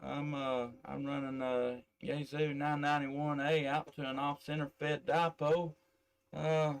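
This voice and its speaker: A man's voice: fairly high pitch, level tone, measured pace, vocal fry. A man from Tennessee with a Southern accent, chatting on the air as a ham radio operator into a desk microphone, drawling with many fillers. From middle Tennessee. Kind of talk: casual on-air radio contact.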